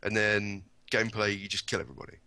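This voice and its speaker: A man's voice: fairly low pitch, fairly even intonation, fast talker, bright, forceful tone, smooth, no room sound. A young man co-hosting a casual gaming podcast, chatty and eager, laughing often. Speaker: podcast co-host. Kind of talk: casual chat.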